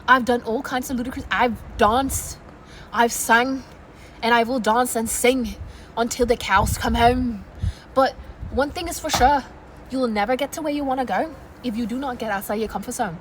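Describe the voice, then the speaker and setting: A woman's voice: fairly high pitch, normal speed. A woman YouTuber giving a playful, emphatic motivational talk on an outdoor balcony. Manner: energetic, playful, emphatic repetition. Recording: noisy outdoor ambience with traffic.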